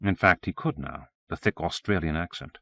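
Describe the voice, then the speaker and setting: A man narrates a novel in a steady, measured audiobook reading. His voice sits on the low side. The recording is dry and close with no room sound. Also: gravelly, dry recording.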